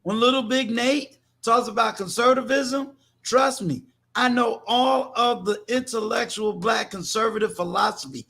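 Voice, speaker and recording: A man's voice: very high voice, moderate pace, creaky, hardly any pauses, pushed and bright. An older man from New York hosting a livestream, talking to his viewers in an emphatic, preachy way and often repeating words. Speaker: livestream host. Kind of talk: casual livestream talk.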